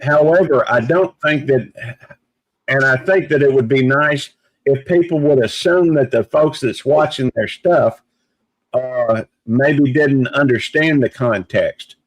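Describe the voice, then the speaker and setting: A man in casual live-stream chat, talking in a measured, hesitant way with many fillers. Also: medium pitch, dry recording, low-quality recording. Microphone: video call.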